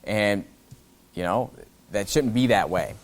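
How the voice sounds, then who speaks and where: Conversational male pastor preaching with lively swings. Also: slow pace. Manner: conversational, acts out the kings' lines in a plain voice; swings from loud high bursts to quiet low asides. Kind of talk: expository sermon.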